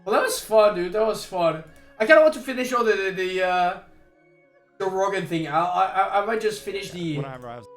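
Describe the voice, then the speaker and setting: A young man with a Québécois French accent chats on his live stream, high-voiced, excitable and stammering, laughing often. His voice rings in an echoey room with faint music underneath. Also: brisk. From Quebec. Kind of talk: casual live-stream chat.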